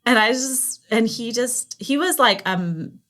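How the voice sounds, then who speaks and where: A woman in her thirties from the United States, a podcast guest telling lively stories and acting out what people said. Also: fairly high pitch, measured pace. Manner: animated storyteller, acts out quoted dialogue. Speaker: podcast guest, business founder. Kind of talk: casual interview chat.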